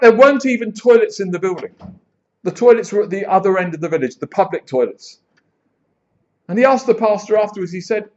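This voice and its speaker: A man preaching a sermon in church, telling stories with lively acted-out quotes. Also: high-pitched. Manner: animated storyteller, acts out quoted voices. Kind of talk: sermon with storytelling. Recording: dull lo-fi sound.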